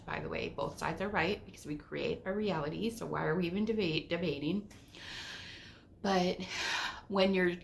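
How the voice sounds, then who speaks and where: A middle-aged woman gives a candid spiritual talk in a low voice with a gravelly, fry-laden edge. She tells her stories vividly, dropping to whispers and jumping to exclamations, and swears without a second thought. A faint hiss of noise sits beneath her voice. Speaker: spiritual teacher. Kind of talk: casual spiritual teaching monologue.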